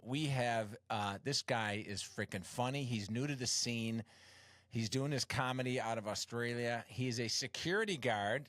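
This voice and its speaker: A man's voice: medium pitch, fairly bright tone, no echo. Rambling, self-deprecating male talk-show host. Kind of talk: casual interview chat.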